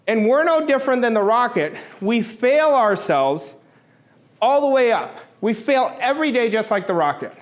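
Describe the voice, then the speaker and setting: A man's voice: very high-pitched, expressive, normal speed. A middle-aged man giving an emphatic motivational talk as a coach, repeating his key phrases for force.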